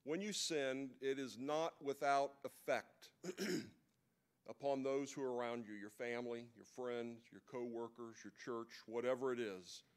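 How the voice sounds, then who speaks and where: A man's voice: mid-range voice, a little slow, smooth. A man giving a sermon at a men's breakfast, retelling a story in an easy conversational way with occasional asides.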